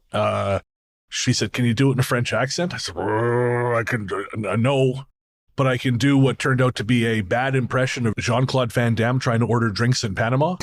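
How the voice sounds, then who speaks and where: A man co-hosting a podcast in loose, casual chat. He rambles through his stories, restarts his sentences and pokes fun at himself, often breaking into laughter. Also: mid-range voice. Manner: rambling, self-deprecating, quick to laugh. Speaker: podcast co-host.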